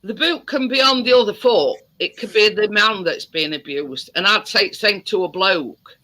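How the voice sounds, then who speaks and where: A man in casual chat, halting and repeating his words. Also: high voice, bright, forceful tone.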